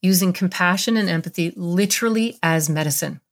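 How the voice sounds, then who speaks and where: A woman in her fifties, appearing as a guest expert on a podcast, tells a story from her career in an interview. Her voice is on the low side and a little fast, and she speaks in an earnest, heartfelt way.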